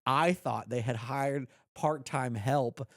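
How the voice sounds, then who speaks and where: A man in his thirties co-hosts a casual podcast, chatty and quick to laugh. His voice sits at a middle pitch. The recording is dry, with no room around him. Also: no room sound. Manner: playful, laughing, retells jokes with quiet storytelling voice. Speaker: podcast co-host. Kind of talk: casual chat.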